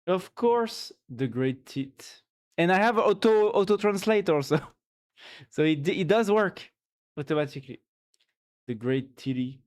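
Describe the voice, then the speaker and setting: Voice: medium pitch, animated, measured pace, a little mellow. A streamer from France, speaking English with a French accent and French as their first language, chatting playfully with viewers late at night while tired. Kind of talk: casual late-night live-stream chat.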